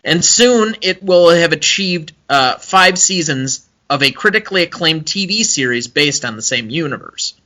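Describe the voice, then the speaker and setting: Bright-voiced young male podcast host. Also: a little high, expressive, moderate pace, hardly any pauses. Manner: chatty and analytical, with frequent fillers. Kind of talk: casual movie-review podcast chat.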